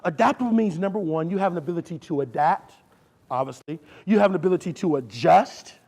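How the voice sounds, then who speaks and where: A man's voice: sits high, quick pace, darkish tone. A man giving a motivational keynote speech, preacher-like, leading the crowd in call and response. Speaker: keynote speaker.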